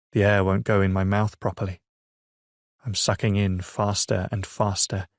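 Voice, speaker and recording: A man narrating a romance audiobook in first person, measured and emotive, on a close mic. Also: lowish voice, no room sound.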